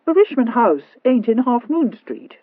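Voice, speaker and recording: A woman voicing a tipsy, blustering young Regency viscount who talks loud and blunt. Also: a little high, big pitch swings, measured pace, no echo, narrow, tinny audio, pitched above the performer's own voice.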